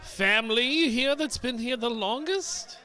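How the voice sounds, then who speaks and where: A man's voice: very high voice, a little slow. A man joking around as a player in a tabletop role-playing game. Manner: animated, joking. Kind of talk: casual tabletop play.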